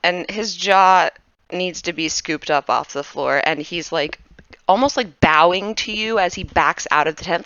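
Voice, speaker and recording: A woman narrating as game master of a tabletop game, animated and chatty. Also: fairly low pitch, muffled recording. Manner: animated, chatty, quick to laugh.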